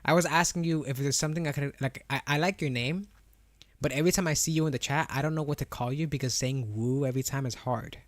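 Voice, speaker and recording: A man's voice: mid-range voice, quick pace, dry recording. Young guy streaming, slight lisp on r's and w's, rambly chatter, dry close sound. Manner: chatty, rambling, answers chat with frequent restarts and laughs. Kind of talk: casual live-stream chat.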